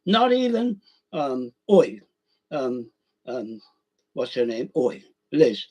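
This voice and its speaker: A man's voice: medium pitch, big pitch swings, slow pace, a little mellow, slightly rough. A man in a rambling, angry monologue, swearing and calling out listeners directly. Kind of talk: ranting monologue.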